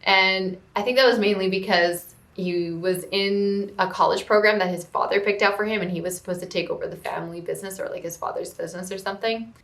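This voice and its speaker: A woman's voice: medium pitch, brisk, hardly any pauses. Chatty woman recapping a movie in an echoey room. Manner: rambling, heavy use of "like", sudden excited squeals. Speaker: movie reviewer. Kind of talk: casual chatty film recap. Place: room at home.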